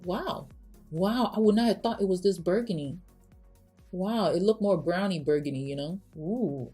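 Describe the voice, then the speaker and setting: A woman's voice: lowish voice, a little mellow, husky. A young woman chatting casually as she does her makeup on camera, rambling with many restarts. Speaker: beauty YouTuber. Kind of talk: casual get-ready-with-me chat.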